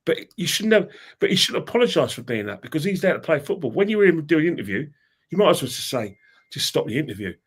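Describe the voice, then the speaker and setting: A man with a London accent, a panelist in a casual football chat, talking in an opinionated, animated way. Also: fairly high pitch, quick pace, breathy edge.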